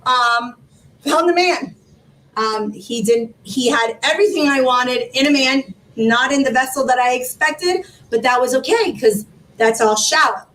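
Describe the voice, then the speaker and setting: Animated high-voiced woman in her forties. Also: a little slow, far from the mic, poor audio. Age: 40s. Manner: animated, laughing, rising into high exclaims. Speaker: guest, foundation founder. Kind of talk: emotional personal storytelling.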